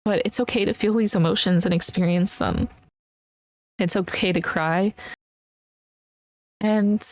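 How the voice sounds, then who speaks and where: A young woman hosting her own podcast, talking in an earnest, emotional and encouraging way, with many pauses and fillers. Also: medium pitch, darkish tone. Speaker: podcast host. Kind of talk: casual solo podcast talk.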